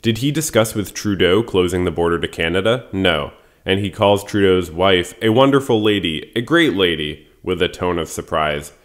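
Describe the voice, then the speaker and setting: A man's voice: low-pitched, lively intonation, normal speed, few pauses. A man delivering scripted commentary voice-over in a dry, wry and analytical way. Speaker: video commentator.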